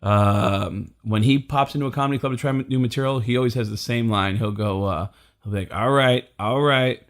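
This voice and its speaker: Animated male comedian telling stories. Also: lowish voice, brisk. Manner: animated storyteller, acts out the people he quotes. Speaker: guest comedian. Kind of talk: casual storytelling.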